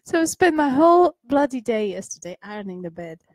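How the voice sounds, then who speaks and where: A woman's voice: a little high, sing-song, fairly quick, dry recording. A mother co-hosting a casual podcast, telling household stories and laughing between lines. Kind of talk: casual chat, anecdote telling.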